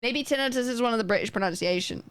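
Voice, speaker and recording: A woman's voice: a little high, fast, no room sound. A young woman livestreaming a game, chatting casually and rambling as she plays and talks to her chat.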